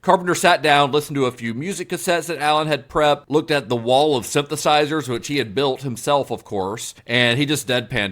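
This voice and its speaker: Relaxed male podcast co-host. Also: fairly high pitch, brisk, hardly any pauses. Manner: relaxed storytelling with fillers. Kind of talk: casual film history chat.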